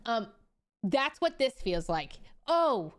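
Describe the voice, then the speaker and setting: Lively, incredulous streamer woman. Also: on the high side, brisk. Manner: animated and incredulous, swearing freely, laughing often. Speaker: streamer reading a story aloud. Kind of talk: casual live-stream reaction.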